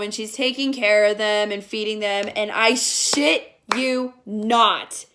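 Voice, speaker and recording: With a fairly bright tone, this twenty-something woman offers a comedic film review that's sarcastic and full of profanity. She often imitates the characters in shrill, mocking voices.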